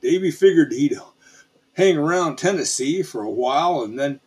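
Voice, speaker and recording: A man narrating a frontier tall tale in a folksy, unhurried storytelling manner. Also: a little high, animated, a little mellow, husky.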